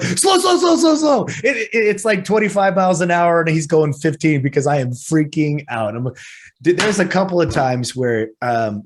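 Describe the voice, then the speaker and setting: Animated storytelling man, podcast co-host. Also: medium pitch. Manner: animated storyteller, acts out his own panicked lines. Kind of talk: casual podcast chat.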